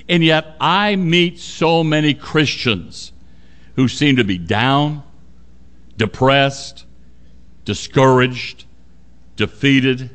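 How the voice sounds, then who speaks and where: A man preaching a sermon, earnest and emphatic, dropping low and quiet to stress points.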